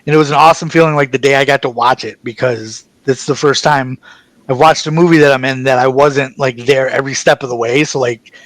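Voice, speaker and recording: A man guest chatting in an interview, telling stories in an excited, rambling way and acting out the back-and-forth of conversations. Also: mid-range voice, fast, dry recording, poor audio. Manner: excited, rambling storyteller, acts out quoted exchanges. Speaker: actor guest. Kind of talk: casual interview chat.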